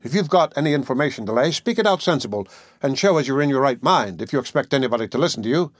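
A man's voice: medium pitch, expressive, fast talker, no room sound, studio quality, close to an everyday voice. A man reading aloud voices a village innkeeper who speaks firmly and plainly. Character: firm, conciliatory male village innkeeper.

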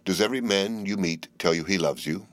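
Moody, earnest young man, deep and dry, read by the male narrator in his own voice. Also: fairly quick, no echo, lightly acted. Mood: grave.

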